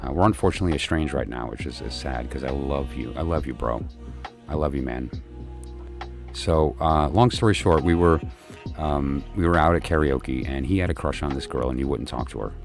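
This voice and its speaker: A man's voice: extremely low pitch, brisk, over music. A tired man hosting a livestream, telling a story to his viewers in a chatty, rambling way with lots of fillers and restarts.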